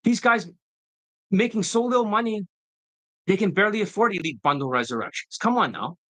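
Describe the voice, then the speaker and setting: A man's voice: high voice, expressive, brisk, a bit bright, dry recording, poor audio. A man who works as a dating coach, giving a profane, combative and mocking monologue in a casual style.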